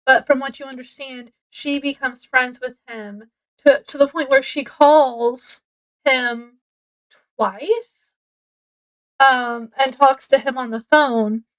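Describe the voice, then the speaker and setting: A woman with a high voice talks through a book she has read in a relaxed, unhurried way. She is chatty and laughs a lot as she retells it. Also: rough recording. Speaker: book reviewer. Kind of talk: casual chat.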